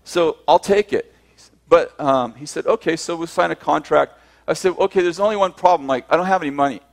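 A man's voice: fairly high pitch, fairly quick, vocal fry. A man telling a personal story to a group, acting out both sides of the conversations and often laughing as he speaks.

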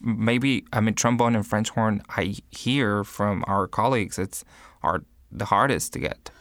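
A man's voice: fairly low pitch, a little slow, a bit bright, dry recording, studio quality. A man who co-hosts an interview, friendly and chiming in with questions. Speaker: interviewer, orchestra member. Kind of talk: casual interview chat.

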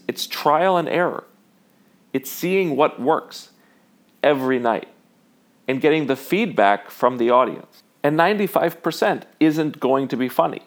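Slow, measured man giving opinions. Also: medium pitch. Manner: measured, emphatic, frequent "you know". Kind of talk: spoken opinion monologue.

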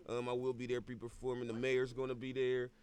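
Smooth-voiced young man chatting casually. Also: mid-range voice, fairly quick. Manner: relaxed, filler-heavy street talk. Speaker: guest artist. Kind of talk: casual chat.

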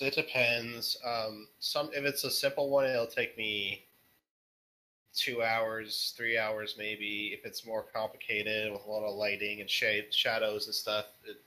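A man being interviewed as a guest artist on a casual podcast, answering in a rambling, jokey, halting way. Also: fairly low pitch, sharp tone, poor audio.

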